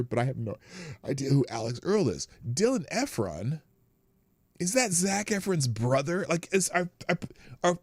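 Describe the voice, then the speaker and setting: A man's voice: a little high, no echo. A man hosting a casual morning live stream, chatting wryly and greeting viewers in the chat by name.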